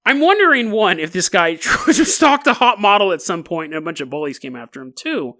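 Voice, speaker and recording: A man hosting a comedic podcast monologue, talking in an animated, mocking way and laughing often as he reads. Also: sits high, fairly quick. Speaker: podcast host.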